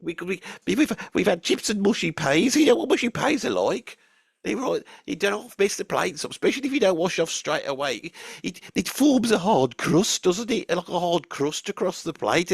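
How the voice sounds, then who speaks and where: Grumpy Birmingham-accented man, gravelly and a little high, dry close sound, rambling comic storyteller. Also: no room sound. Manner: grumpy, rambling, swears casually. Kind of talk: comic character monologue.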